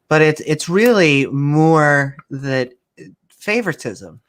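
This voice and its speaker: A man's voice: fairly high pitch, measured pace. A man hosting a casual podcast chat, rambling and acting out scenes with voices. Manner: rambling, animated retelling with voices. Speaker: podcast host.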